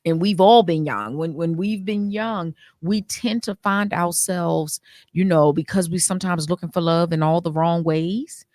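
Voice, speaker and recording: A woman's voice: fairly low pitch, a little slow, darkish tone, no room sound, studio quality. A woman hosting a faith-based radio interview, speaking in an encouraging, preacherly way to her listeners. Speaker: radio show host.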